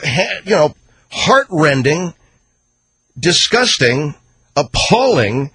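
A man hosting a talk radio show, giving opinionated commentary in a ranting, sarcastic way. He swings between loud outbursts and low mutters. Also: husky, dry recording.

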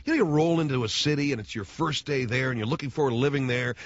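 A man's voice: mid-range voice, fast talker. A middle-aged man hosting radio, telling rambling stories in slangy casual talk and often slipping into voices. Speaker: radio host. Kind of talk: casual storytelling monologue. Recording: dull lo-fi, dry radio sound.

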